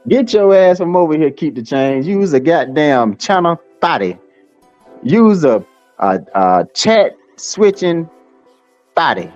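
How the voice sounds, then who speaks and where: A livestream host rants and taunts his audience, swearing heavily and rambling with plenty of fillers. His voice is medium-pitched with a darkish tone, and the stream audio is slightly dull and lo-fi.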